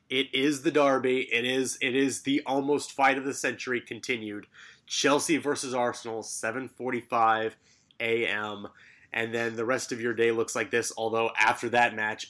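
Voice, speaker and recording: Male podcast co-host, bright forceful tone, sarcastic, brisk fixture rundown. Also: medium pitch. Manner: lively, rattles through fixture lists with sarcastic asides. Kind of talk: casual sports podcast chat.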